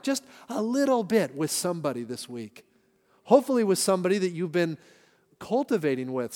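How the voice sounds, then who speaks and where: A pastor preaching a sermon from a church platform, telling stories in a conversational way with shifting emphasis. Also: male voice, high voice. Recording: long hall reverb from a church.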